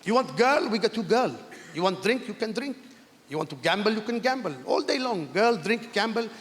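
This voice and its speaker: A comedian doing a pushy high-voiced guide. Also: male voice, lively intonation, a bit bright. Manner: hard-selling, rapid repetitive offers. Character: pushy male tour guide hawking vices. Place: large theatre stage. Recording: echoey hall, crowd laughter.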